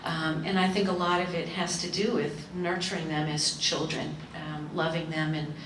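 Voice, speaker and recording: A woman panelist telling lively family anecdotes to an audience, acting out the quotes. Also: deep voice, moderate pace, slight background noise. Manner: lively storyteller, acts out quotes. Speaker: workshop panelist. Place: community seminar hall. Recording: echoey hall, mic far off.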